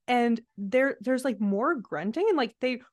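Woman co-host, chatty recap style, higher pitch, close dry mic. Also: animated, measured pace, no echo. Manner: chatty, laughs often, acts out quotes. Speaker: podcast co-host. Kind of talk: casual recap chat.

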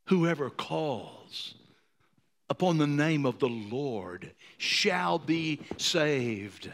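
A man in his sixties preaching a sermon, moved to tears, who swings from ringing high declarations down to hushed near-whispers. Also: lively intonation, drawn-out words. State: emotional, choked up. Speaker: pastor.

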